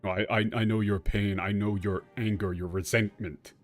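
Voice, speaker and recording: A man streaming a game and translating its dialogue live, talking in a halting way with frequent restarts and casual swearing. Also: on the low side, little pitch movement, soft background music. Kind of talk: live gameplay commentary.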